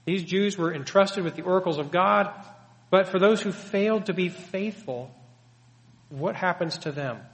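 Preaching at a normal speed, this male pastor has a high-pitched voice and drives his points home earnestly, leaning on rhetorical questions. His words ring out with the long reverb of a large hall.

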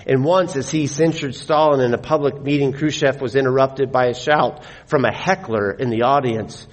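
A middle-aged man preaching a sermon, telling stories with animated delivery and slowing down to stress his points. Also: mid-range voice. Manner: animated storyteller, slows for emphasis. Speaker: pastor.

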